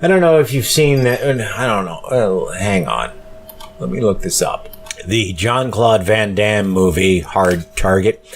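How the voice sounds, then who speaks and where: A weary man with a low voice hosts a solo podcast, rambling casually and stopping often for fillers. He sounds plainly tired, and faint music runs in the background. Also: expressive. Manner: rambling, slow, full of fillers. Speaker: podcast host.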